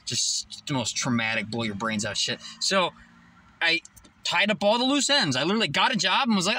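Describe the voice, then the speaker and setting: A young man vlogging outdoors beside his car, telling a rambling, excitable story and swearing freely. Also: mid-range voice, a little fast. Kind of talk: casual vlog storytelling. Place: outdoors by a tree near his parked car.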